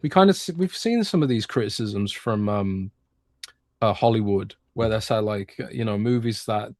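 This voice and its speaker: A man's voice: fairly low pitch, normal speed, a little mellow, no room sound, studio quality. A British man, a games reporter, talking casually on a podcast with lots of restarts and fillers. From Britain. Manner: hesitant, many restarts and fillers.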